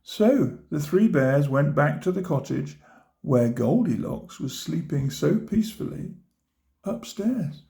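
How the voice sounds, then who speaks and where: Slow gravelly man reading a storybook. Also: fairly high pitch, animated. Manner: gentle, pointing out pictures to listeners. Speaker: storybook reader. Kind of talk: reading a children's book aloud.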